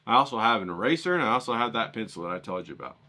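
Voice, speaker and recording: Hyped and rambling, an art channel host runs a casual drawing tutorial, coaching viewers and swearing offhandedly. His low-leaning voice swings widely in pitch, comes out rapid-fire, and has a sharp tone.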